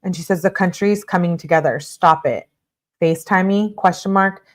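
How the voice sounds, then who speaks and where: A woman hosting a true-crime video, reading text messages aloud in a brisk way and breaking off for blunt asides of her own. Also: fairly low pitch.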